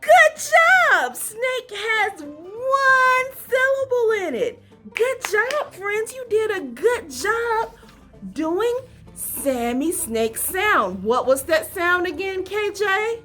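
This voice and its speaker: Over faint music, a woman teacher guides small children through phonics in a high, very slow voice that's pushed and bright. She's very animated, swooping up and down in an encouraging sing-song packed with questions.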